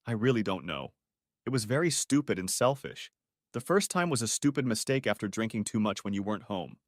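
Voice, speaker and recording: A man's voice: on the low side, big pitch swings, fairly quick, no echo, studio quality. A man voicing a remorseful middle-aged wife who sobs and pleads as she talks. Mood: tearful. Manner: tearful, pleading, whimpering.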